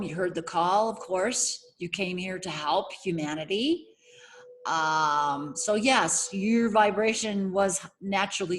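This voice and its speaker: A woman talks her way through an oracle card reading at an unhurried pace. She pauses often, restarts her sentences and fills gaps with soft ums. A faint noise sits under her voice. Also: lowish voice. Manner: slow, searching, with many fillers and restarts. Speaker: oracle card reader and heart coach. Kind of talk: casual spiritual card reading. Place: home setting.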